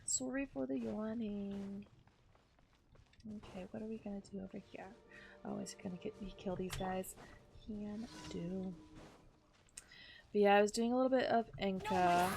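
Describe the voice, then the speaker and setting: A tired woman streaming a game, chatting casually in a low-energy, rambling way. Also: vocal fry, noisy background. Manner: low-energy, rambling, apologetic about yawning. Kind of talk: casual gameplay chat.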